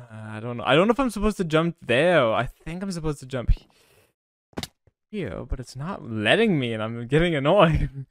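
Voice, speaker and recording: A man's voice: medium pitch, no echo, studio quality. Frustrated stammering male gamer. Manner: frustrated, self-talking, stammering restarts. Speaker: gaming YouTuber. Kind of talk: casual gameplay commentary.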